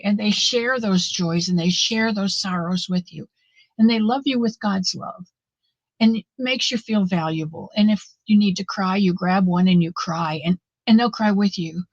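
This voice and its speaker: A woman's voice: mid-range voice, no room sound, highs cut off. Motherly woman hosting a knitting stream. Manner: warm, motherly, talks straight to viewers; earnest and faith-filled. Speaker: host of a live knitting stream. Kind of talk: casual live-stream chat.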